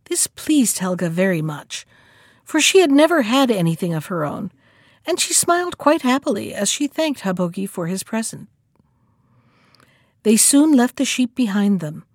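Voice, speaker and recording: A woman reading a fairy tale aloud in a measured, expressive storytelling manner. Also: a little high, no room sound, clean studio sound.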